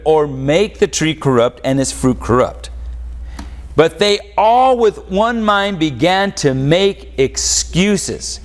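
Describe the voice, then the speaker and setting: Pastor, male, slow deliberate sermon delivery, call-and-response, long hall reverb. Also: fairly high pitch, animated. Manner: call-and-response preaching, rhetorical questions. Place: church.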